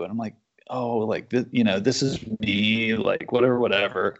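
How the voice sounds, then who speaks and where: Podcast guest: man, gravelly voice, loose rambling delivery, dull recording. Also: mid-range voice, moderate pace. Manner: rambling storyteller with many fillers. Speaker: guest comic book writer. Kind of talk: casual podcast chat. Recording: dull lo-fi sound.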